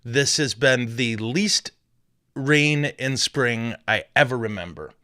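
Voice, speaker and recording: A man's voice: medium pitch, slow pace, sharp tone, clear, resonant tone, no echo, studio quality. A man, a Catholic priest, hosting a podcast in a casual, joking, rambling way with self-deprecating asides.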